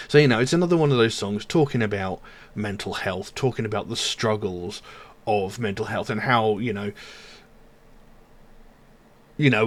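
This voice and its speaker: Male reactor, earnest rambling commentary, slightly low pitch. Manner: earnest, rambling, many fillers, quotes lyrics. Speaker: music reaction channel host. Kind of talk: casual commentary on song lyrics.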